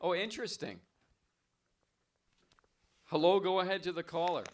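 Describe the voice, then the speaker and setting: A man's voice: sits high, normal speed. A man hosting a call-in radio show, moving the callers along in casual chat. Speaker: radio show host taking calls.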